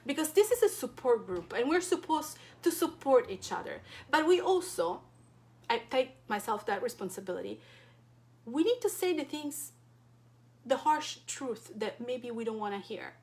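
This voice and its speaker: A woman's voice: high-pitched, big pitch swings, normal speed, darkish tone. A woman from Europe, a wellness coach, speaking directly and passionately to her support group, full of rhetorical questions. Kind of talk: impassioned direct-to-camera talk.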